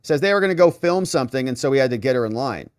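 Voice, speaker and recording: A man, a lawyer, giving trial recap commentary in an animated, incredulous way. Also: mid-range voice, very fast, clear, resonant tone, no room sound, clean studio sound. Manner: animated and incredulous, retelling courtroom testimony.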